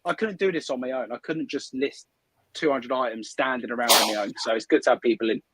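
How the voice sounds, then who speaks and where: A man's voice: medium pitch, fast talker, very noisy. A man hosting a live stream from a hot shed, chatting upbeat and thinking aloud while he works. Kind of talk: casual chat while working. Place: hot shed under photography lights.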